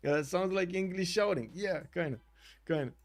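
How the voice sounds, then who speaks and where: A man's voice: high-pitched, moderate pace, a little hiss or hum. A man from Romania with a Romanian accent, commentating a strategy game on a live stream, chatty and full of fillers as he searches for words, laughing easily. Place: home streaming room.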